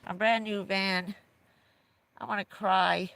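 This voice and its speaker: This is a chatty woman giving a laid-back livestream tour of her camper van. She speaks at an unhurried pace in a mid-range voice and rambles, filling gaps with "um" and "you know.". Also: medium pitch, steady tone, creaky, a bit bright, no room sound. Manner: rambling, chatty, giggly, with many fillers. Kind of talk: casual livestream chat. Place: inside a small camper van.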